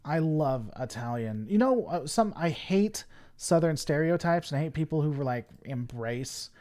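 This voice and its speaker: A male livestream host talks casually at his desk mic, rambling between thoughts and answering viewer messages as they come in. His voice sits a little high and swings animatedly up and down. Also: expressive, unhurried, dark tone. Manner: rambling, reads chat aloud and answers it.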